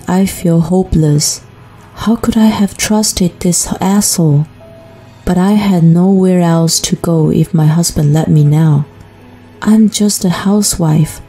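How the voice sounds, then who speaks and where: A woman narrating a first-person family drama story in a flat, even reading voice. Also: on the low side.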